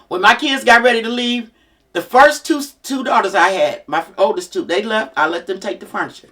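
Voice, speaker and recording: A woman's voice: mid-range voice, brisk, fairly bright tone. A woman, a mother of grown children, giving a blunt, plain-spoken motivational talk to single parents.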